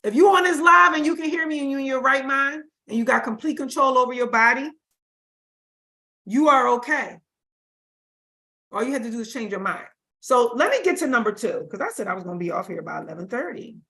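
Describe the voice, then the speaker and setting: A woman's voice: high-pitched, expressive, a little fast, bright, forceful tone. A woman giving an informal spiritual teaching on a livestream, talking casually and emphatically, repeating phrases for stress. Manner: casual vernacular speech.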